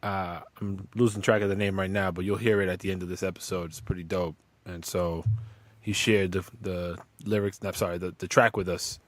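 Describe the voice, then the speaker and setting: A man's voice: sits low, little pitch movement, brisk, dry recording. A man co-hosting a casual podcast, joking around playfully with his friends. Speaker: podcast co-host. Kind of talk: casual chat.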